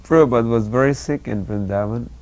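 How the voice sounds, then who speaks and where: A man earnestly recalling a time with his teacher, halting often with fillers. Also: mid-range voice, a little mellow. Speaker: disciple recalling memories. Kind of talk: spoken reminiscence. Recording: faint background hiss.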